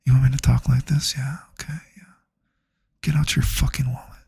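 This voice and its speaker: A man voicing a mock ASMR streamer in whispered role-play, teasing and breathy as he begs for donations. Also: mid-range voice, little pitch movement, fairly quick, a little mellow, no echo, clean studio sound.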